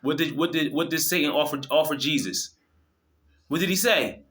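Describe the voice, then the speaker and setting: Pitched on the high side with a fairly bright tone, the host speaks at normal speed in a fervent, preachy rant to his audience. He swears freely and keeps breaking off to restart his sentences.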